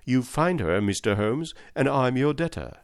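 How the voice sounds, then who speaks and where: A man reading aloud and voicing a blustering, mocking middle-aged male villain, pitched above his own voice. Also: big pitch swings, normal speed, no room sound, studio quality. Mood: smooth, evasive. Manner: sneering and mocking.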